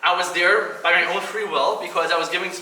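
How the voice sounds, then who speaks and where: A man's voice: sits high, steady tone, quick pace, bright, forceful tone. A man in his thirties giving a personal speech at a kidney donation event, telling his story earnestly and acting out the voices he quotes. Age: 30s. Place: event hall. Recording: echoey hall, mic at a distance, faint noise.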